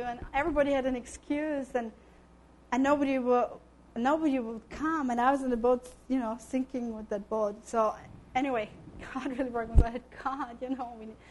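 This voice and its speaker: A woman missionary speaking to a congregation, telling a story in a lively way, acting out the voices she quotes and laughing often. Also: high-pitched, moderate pace. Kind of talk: testimony talk to a congregation.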